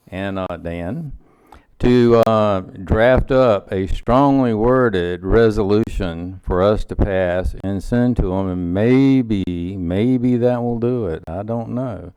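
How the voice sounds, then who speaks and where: Man, Southern accent, council member, emphatic, lowish voice, mellow tone. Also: clean tone, no echo. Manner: emphatic, measured. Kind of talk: council meeting remarks.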